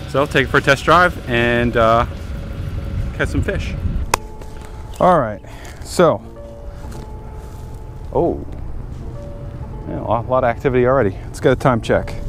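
A man with a fairly bright, mid-range voice gives casual vlog narration outdoors by a lake. The fishing vlogger is chatty and easily frustrated as he works on his car and fishes, talking to his viewers.

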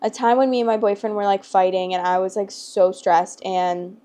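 A woman's voice: mid-range voice, normal speed. A young adult woman hosting her storytime channel, talking in a chatty, rambling, emotional way with lots of "like" fillers. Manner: chatty and rambling, heavy use of "like"; emotional and expressive. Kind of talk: casual chat to camera.

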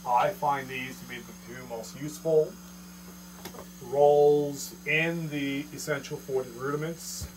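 A man's voice: mid-range voice, fairly even intonation, takes it slowly. A man teaching a drum lesson in a casual, joking, self-deprecating way, counting strokes aloud. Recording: noisy room with mains hum and drums.

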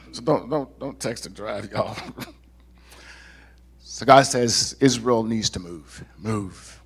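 A male pastor preaching a lively sermon to a congregation, with casual asides and laughs. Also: fairly low pitch, takes it slowly, vocal fry, pauses often, husky. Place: church sanctuary.

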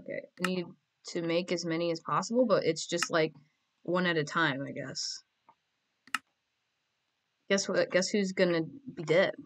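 A woman's voice: lowish voice, moderate pace, long pauses. Woman gamer, chatty and jokey, talks to herself while playing, laughs easily, faint hiss behind. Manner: playful, jokey and giggly, talking to herself. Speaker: Minecraft player. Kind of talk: casual gameplay commentary.

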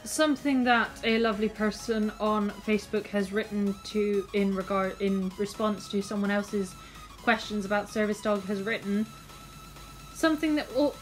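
A woman's voice: mid-range voice, low-quality recording. Frank woman vlogging. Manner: frank and exasperated, with frequent restarts. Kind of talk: casual talk to camera.

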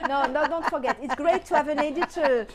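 French-accented woman, middle-aged, high voice, tells stories to a crowd and acts out the voices, laughs a lot. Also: brisk. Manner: lively storytelling, acting out dialogue, laughs often. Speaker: guest speaker. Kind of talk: anecdotal talk to an audience.

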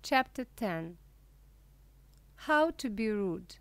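A woman reading a humorous book aloud slowly and clearly for language learners. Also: medium pitch, very animated, dry recording. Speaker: audiobook reader.

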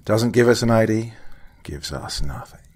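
A man doing a gruff, blunt older forensic investigator. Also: on the low side, expressive, moderate pace, darkish tone, voice pushed up. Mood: curt, lecturing. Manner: blunt, curt, lecturing, some lines whispered.

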